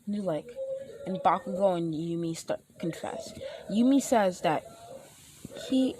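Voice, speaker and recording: A woman's voice: lowish voice, lively intonation, a little slow, pauses often, mellow, slight background noise. A young woman casually retelling her fan fiction story, rambling with many fillers and restarts and acting out the characters' lines.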